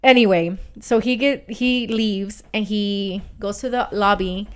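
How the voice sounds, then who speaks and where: Woman, casual storytelling, smooth clear voice, animated, lots of swearing. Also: medium pitch, a little slow. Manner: animated, swearing, heavy use of "like". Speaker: podcast co-host.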